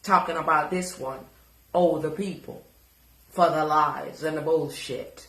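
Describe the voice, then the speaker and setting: A Jamaican woman rants on a live video, profane and confrontational. She talks slowly in a bright, sharp voice, and the sound bounces around an echoey room. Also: sits low, steady tone. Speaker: social media personality.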